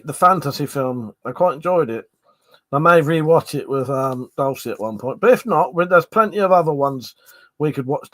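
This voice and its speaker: A man's voice: mid-range voice, a bit bright, no room sound. A Scottish-born man with a Manchester accent hosting a casual livestream, rambling, swearing and laughing as he reads out chat messages. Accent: Manchester English. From Scotland. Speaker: livestream host. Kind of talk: casual chat reading live comments.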